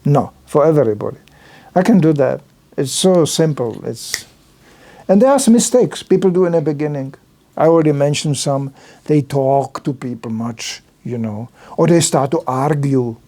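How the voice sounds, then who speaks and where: A man's voice: fairly high pitch, animated, normal speed, warm tone. An older man giving an informal religious talk at a temple, telling anecdotes with slightly non-native phrasing and acting out other people's lines in changed voices. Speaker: visiting lecturer at a temple.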